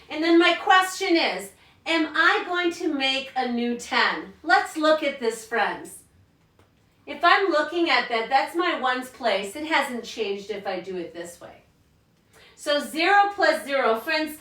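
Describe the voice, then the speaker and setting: Bright, upbeat woman teacher in an echoey room. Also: high voice. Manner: upbeat, encouraging, addresses kids as friends. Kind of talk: recorded math lesson for students at home. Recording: echoey room, mic at a distance.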